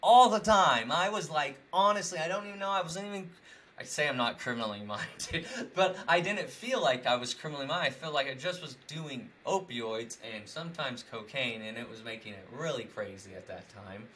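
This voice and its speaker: A man's voice: on the high side, lively intonation, fairly quick, a bit bright. A young man in casual conversation, rambling with many fillers and frequent laughs. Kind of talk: casual chat.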